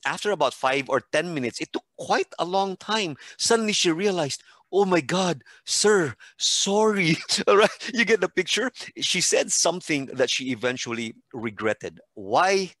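A man's voice: mid-range voice, no echo. A man telling classroom stories, dry close sound. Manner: animated storytelling with acted-out quotes. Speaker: podcast guest expert and teacher. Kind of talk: casual podcast conversation.

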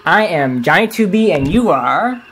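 A woman's voice: lowish voice, animated, normal speed, soft background music, poor audio. A woman narrating a homemade fan audio story in a casual reading style with small stumbles.

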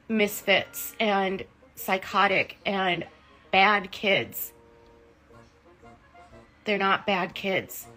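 A woman's voice: medium pitch, a bit bright, rough recording. An emotional woman hosting a livestream, talking in an impassioned, indignant, rambling way with fillers. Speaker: livestream host.

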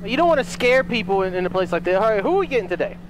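Brief: high-pitched male streamer, brash, profane, quick to react, casual game commentary. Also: sing-song, background noise. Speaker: gaming streamer.

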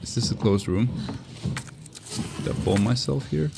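A man's voice: medium pitch, measured pace, vocal fry, heavy background noise. A man giving casual, joking commentary while playing a survival horror game and talking back at the characters on screen. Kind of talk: casual let's-play commentary.

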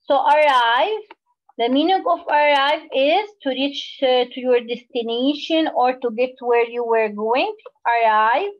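A woman teaching a phonics lesson to young children, explaining slowly and repeating words. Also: high voice, highs cut off. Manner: slow, drawn-out teacherly explaining with repetition.

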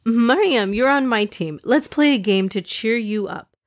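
A woman voicing a calm, reassuring mother in a children's story. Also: on the high side, a little slow. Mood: cheerful. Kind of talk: storybook character voice.

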